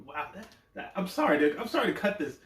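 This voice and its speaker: A man's voice: sits high, very animated, fast talker, fairly bright tone, distant mic. A man co-hosting a podcast in casual chat, stumbling over words and laughing. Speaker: podcast co-host. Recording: echoey room, away from the mic.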